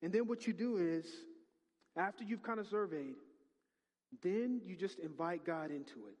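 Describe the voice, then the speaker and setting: A middle-aged male pastor delivers a lively sermon in a fairly high voice. He drops to quiet prayer and then bursts out loudly. His words ring with the long reverb of a big church hall. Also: normal speed. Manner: animated, swings from hushed prayer to loud exclamations.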